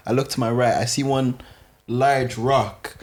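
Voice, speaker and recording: A man guest on a podcast talking in relaxed, slangy casual chat, calm and low-key. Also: unhurried.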